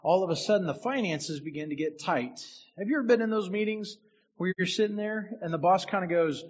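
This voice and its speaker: Man, minister, sermon storytelling, high husky voice, muffled lo-fi sound. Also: lively intonation, a little fast. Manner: personal storytelling, addressing the room directly.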